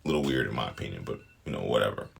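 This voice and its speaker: A man's voice: extremely low pitch, animated, very fast, gravelly, slight background noise. A man giving casual opinion commentary on a show, blunt, emphatic and full of profanity.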